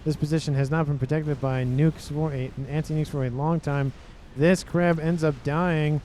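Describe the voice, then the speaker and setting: Male game caster, slightly high voice, mellow and easygoing, joking and rambling through the play-by-play. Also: fairly even intonation, normal speed, a little hiss or hum. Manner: chatty and joking, often laughing and repeating himself. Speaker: game commentator. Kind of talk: casual commentary on a strategy game match.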